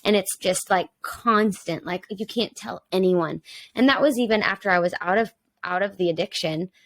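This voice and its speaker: A woman's voice: mid-range voice, moderate pace, a bit bright, no echo. A woman in her twenties, a podcast guest who mentors young women, speaking openly and personally with many "um"s and "like"s. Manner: open and personal, with many fillers like "um" and "like". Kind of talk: candid conversational podcast talk.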